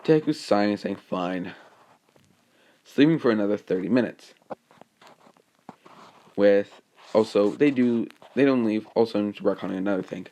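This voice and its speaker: A man casually narrating an improvised fan story, rambling and halting, with many fillers and self-corrections. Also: fairly low pitch, dark tone.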